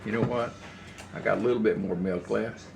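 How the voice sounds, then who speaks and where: A man's voice: fairly low pitch, steady tone, brisk, creaky, very noisy. An older man, rambling folksy stories as he cooks in his home kitchen. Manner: rambling, folksy storytelling while cooking. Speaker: cooking channel host. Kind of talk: casual cooking vlog chat.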